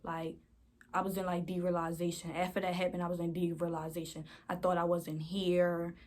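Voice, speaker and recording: A woman's voice: lowish voice, level tone, moderate pace, a little mellow. A young woman vlogger telling a storytime in a rambling, slangy way, often calling her viewers y'all. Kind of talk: casual storytime.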